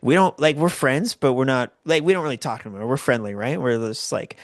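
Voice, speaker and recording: A man's voice: medium pitch, a little fast, no room sound, clean studio sound. Chatty Canadian man telling a story. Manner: animated, rambling with self-corrections. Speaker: podcast host. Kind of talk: personal storytelling.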